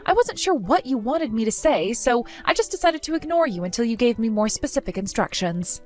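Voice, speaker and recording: A woman's voice: on the high side, very animated, brisk, soft background music. A woman voicing a weary, exasperated young married woman who answers with dry sarcasm in a text-story skit.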